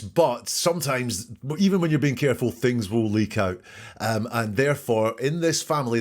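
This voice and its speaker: A male host gives analytical commentary, picking apart quotes and asking probing questions. His voice sits in a middle pitch.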